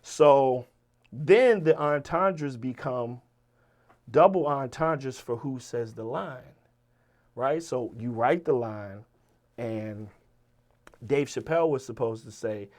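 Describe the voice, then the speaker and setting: A man with a Virginia accent, a rapper telling stories as an interview guest in a casual, animated way, swearing and acting out the people he quotes. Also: medium pitch, slow. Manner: animated, profane, quotes people in lively voices. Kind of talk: casual storytelling.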